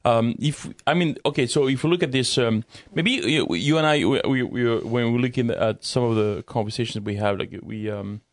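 French-accented male co-host, hesitant with frequent restarts, mid pitch, dry close mic. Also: normal speed, few pauses, no room sound. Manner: hesitant, restarts often, affirming. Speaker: co-host and teacher. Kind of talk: live-streamed Bible discussion.

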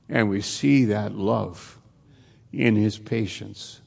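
A man preaching a sermon in a slow, repetitive cadence, building phrase on phrase. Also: fairly low pitch, vocal fry, a little mellow, big-room sound.

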